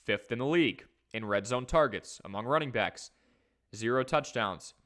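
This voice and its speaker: A man hosting a live fantasy football stream, talking casually and energetically while he reads from the chat. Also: mid-range voice. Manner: energetic, conversational, talks fast in bursts. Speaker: fantasy football livestream host.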